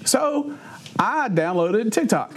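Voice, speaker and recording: A man's voice: very high voice, moderate pace. A middle-aged man, a youth pastor telling humorous stories to teenagers, laughing often and acting out what people said. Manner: laughs often mid-sentence, animated, acts out quotes. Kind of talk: humorous storytelling talk to teenagers.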